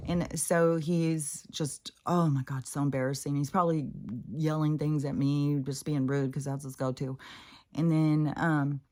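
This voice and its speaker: A woman's voice: sits low, dark tone. A woman telling a personal story in a casual, candid way, exasperated and freely swearing. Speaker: spiritual vlogger.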